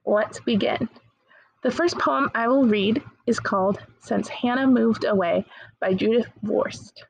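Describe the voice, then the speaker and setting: A young woman teacher giving a recorded lesson, gently reading poems aloud and encouraging the class. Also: fairly high pitch, measured pace, creaky, husky, dry recording, rough recording.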